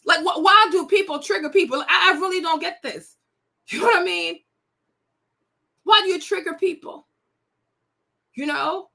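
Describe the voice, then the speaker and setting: A woman in her thirties with a high, bright voice pours her heart out to her viewers. She talks in a confiding, emotional way, repeating phrases for emphasis. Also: normal speed, vocal fry, pauses often. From United States. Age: 30s. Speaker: host. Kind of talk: casual chat to camera.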